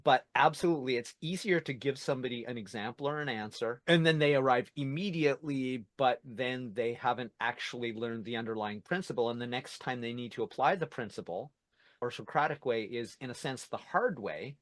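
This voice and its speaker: A man's voice: medium pitch, fairly quick, no room sound. Podcast host, male, reflective and thinking aloud, plain mid voice, dry sound. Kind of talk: conversational interview.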